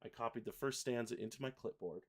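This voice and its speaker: A man hosting a livestream software tutorial in a relaxed, chatty way, reading lyrics aloud as he types and clicks. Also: medium pitch, quick pace. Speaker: host, software product designer. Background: keyboard typing and mouse clicks.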